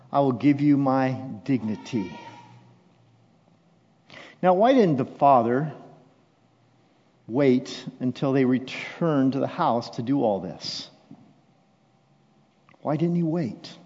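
A man preaching a sermon as pastor, shifting from hushed, intimate lines to loud, impassioned declarations. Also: medium pitch. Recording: dull sound with long hall reverb.

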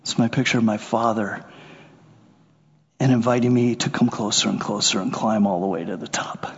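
A man preaching a sermon, animated, acting out little scenes and voices as he goes. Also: lowish voice, moderate pace, gravelly, breathy edge. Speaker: pastor. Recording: muffled sound with long hall reverb.

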